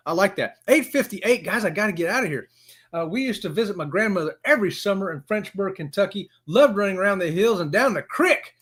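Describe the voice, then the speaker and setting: A man in his fifties with a Southern US accent, hosting a casual live stream and greeting viewers by name in a folksy, excitable way. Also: sits high, moderate pace. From Florida.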